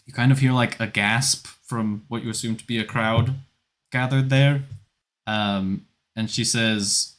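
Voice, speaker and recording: A man narrating a tabletop game as game master, relaxed and rambling with many fillers. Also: mid-range voice, measured pace.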